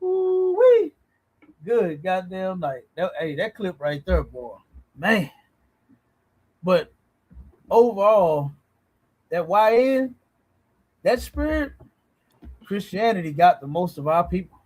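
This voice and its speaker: A man with a rather high voice holds forth on a livestream, reacting to clips. He talks bluntly and preachily, curses freely, and keeps checking in with his listeners. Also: sing-song, slow, long pauses, darkish tone, low-quality recording. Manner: blunt, preachy, swears, asks "you understand?". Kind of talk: casual commentary on a livestream.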